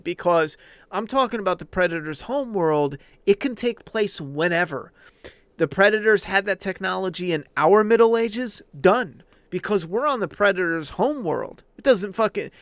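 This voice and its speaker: Answering his chat on a livestream, this host launches into a casual, emphatic rant full of profanity. He has a high, creaky, slightly bright voice, recorded dry.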